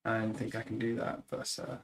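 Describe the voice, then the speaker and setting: A man's voice: lowish voice, brisk, a little hiss or hum, rough recording. Rambling man telling anecdotes. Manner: rambling, animated, lots of "like" and laughter. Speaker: guest sculptor. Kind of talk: casual anecdote-telling in a livestream chat.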